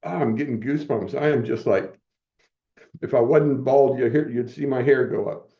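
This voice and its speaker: A man as a guest giving an earnest, halting personal testimony, often moved as he speaks. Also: mid-range voice, dull audio.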